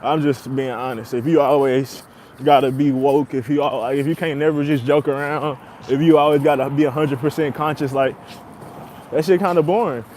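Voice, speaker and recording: A young man rambles in a relaxed, profane, slang-heavy monologue, breaking into laughter often. His voice sits a little high for a man. Faint traffic noise from outdoors runs behind him. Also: a little fast. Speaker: podcast host. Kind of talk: casual monologue.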